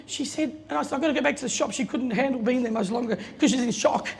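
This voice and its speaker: A chatty middle-aged woman, her voice high with some vocal fry, tells a casual story as a guest speaker at an opening. She talks briskly, laughs, and acts out quoted voices, while the event space lends long reverb and a faint room hum.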